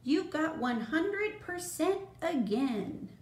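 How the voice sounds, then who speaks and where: A woman voicing a cheerful female owl schoolteacher in a storybook, with a high, bright, praising voice. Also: sing-song, slow, full character voice. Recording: roomy echo, faint noise.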